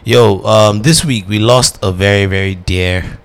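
A man hosting a casual podcast chat with friends, relaxed and repeating himself as he talks. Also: fairly low pitch, unhurried, clean tone. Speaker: podcast host.

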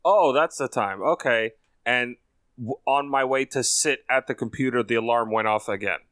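Casting: male co-host, wry and dry, bright forceful tone, close dry mic. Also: medium pitch, normal speed, clean tone, no echo. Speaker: podcast co-host. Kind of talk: casual chat.

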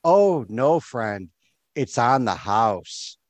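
A man's voice: medium pitch, very animated, dry recording. A man doing a sly, overfriendly tavern keeper. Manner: slow, drawn-out welcoming lines. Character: overly friendly male tavern keeper, oddly secretive.

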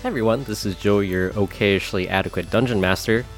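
A man's voice: on the low side, fairly quick, loud music behind the voice. A man narrating a tabletop game as dungeon master, casual and self-correcting with chuckles.

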